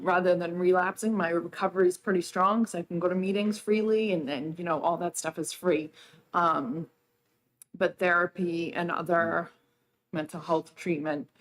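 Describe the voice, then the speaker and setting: A woman's voice: fairly low pitch, a bit bright. Emotional hesitant woman testifying. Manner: emotional, hesitant, many ums. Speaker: public witness. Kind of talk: public testimony. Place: state senate hearing room.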